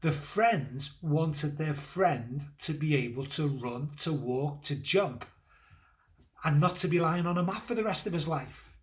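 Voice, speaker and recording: A man in a church role, telling a Bible story to children at a school assembly in a gentle, conversational way with pauses and fillers. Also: a little high. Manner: lively, building energy toward the climax of the story.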